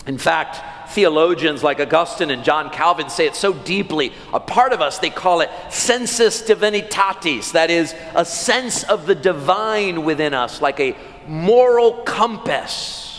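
Pastor preaching in a reverberant sanctuary. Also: male voice, a little high, expressive, a little slow, hardly any pauses, a bit bright. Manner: storytelling, acts out children's voices. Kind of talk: sermon. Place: large church sanctuary. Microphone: church sound system mic. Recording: long church hall reverb.

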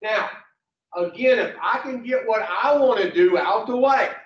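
Man, unpolished motivational speaker, talks slowly and bluntly, swears, recording is dull and lo-fi. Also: sits high. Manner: blunt and preachy, asks the room questions, swears. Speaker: speaker addressing rehab patients. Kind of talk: motivational talk to a group. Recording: echoey, distant, dull lo-fi sound.

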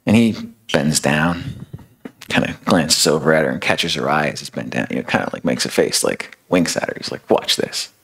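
A man preaching a sermon in a loose, storytelling style, full of casual fillers. His voice sits extremely low with a gravelly fry, and it has a husky roughness throughout. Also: moderate pace, fairly bright tone, rough recording. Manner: casual, filler-heavy retelling. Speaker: speaker.

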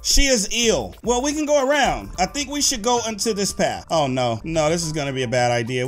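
A man with a very high, bouncy voice narrates a story game and talks to his viewers. He gets excitable, yelping and shouting when things turn scary. Faint game music sits under his voice. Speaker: gaming YouTuber. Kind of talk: let's-play commentary, reading story-game dialogue aloud.

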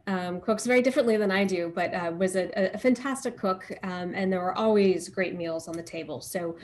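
A woman's voice: fairly low pitch, brisk. Articulate woman guest from Texas. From Northeast Texas, USA. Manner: warm, articulate, with frequent ums. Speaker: wine expert guest. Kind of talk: live video interview. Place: bedroom at home.

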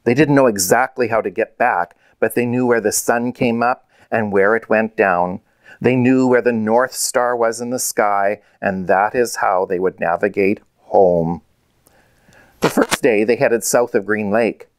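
A man's voice: fairly low pitch, measured pace, clean tone, no room sound. Man reading a children's story aloud. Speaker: author reading his book.

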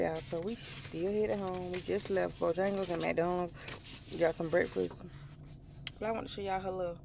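A mother vlogs casually to camera, calling her viewers y'all, first from a car and then at home. Her voice is lowish and creaky, and noisy car and street sounds fill the background.

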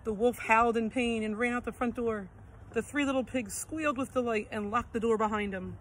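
A woman reading a children's story aloud in a gentle, expressive read-aloud manner. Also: fairly high pitch, fairly quick, a little hiss or hum, poor audio.

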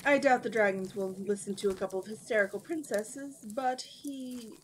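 A woman's voice: on the high side, normal speed, slight background noise, natural voice, rough recording. A woman reading aloud and voicing a vain, theatrical male wizard with a haughty, showy way of talking. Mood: smug. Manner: haughty, grandly theatrical, shrieking when crossed.

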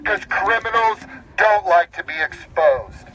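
A man speaking at an outdoor street protest, his voice pitched high and sharp with tension. He reads out official rules and knocks each one down in a blunt, indignant tone. Faint street noise sits behind him. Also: animated, unhurried, low-quality recording. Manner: indignant, reads rules aloud then rebuts them bluntly. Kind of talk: impassioned protest speech.

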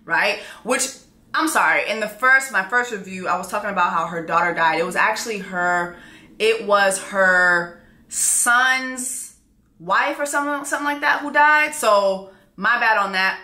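A woman giving a casual, candid TV episode recap with frank, profane, animated storytelling. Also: mid-range voice, unhurried, echoey room. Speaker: TV recap vlogger.

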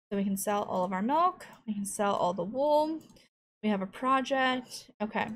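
A woman's voice: a little high, a bit bright. A woman giving casual gameplay commentary at home into a desk microphone, chatting as she thinks aloud and cooing to her cat. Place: home room at a computer.

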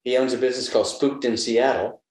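A man's voice: mid-range voice, fairly even intonation, quick pace, darkish tone, slight background noise. Reflective older man in an echoey room. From United States. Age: 70s. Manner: thoughtful, storytelling, gives advice. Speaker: interview guest, actor. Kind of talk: reflective conversational interview. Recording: roomy echo.

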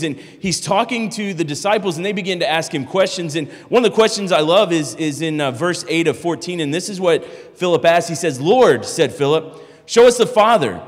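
A man preaching a sermon in a conversational, explaining way, often restarting his phrases. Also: a little high. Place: church sanctuary. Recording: long church hall reverb.

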